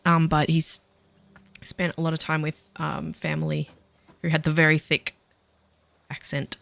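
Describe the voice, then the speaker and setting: This Australian game streamer has a low, gravelly, fairly bright voice, speaking flatly and without hurry with no room sound. She chats casually while playing, pokes fun at herself, and drifts off topic easily.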